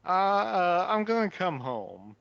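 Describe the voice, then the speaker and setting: A man's voice: high-pitched, very animated, slow pace, creaky, a bit bright, muffled recording. A man playing a tabletop game, talking in a laid-back, rambling way. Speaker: player. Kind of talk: in-character tabletop chat.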